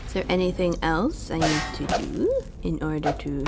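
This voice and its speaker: A woman's voice: sits low, very animated, moderate pace, gravelly, hardly any pauses, loud music behind the voice. A young woman, streaming a video game and chatting with her viewers, swearing and venting her frustration. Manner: swearing, talking to chat, frustrated outbursts. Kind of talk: casual live-stream commentary.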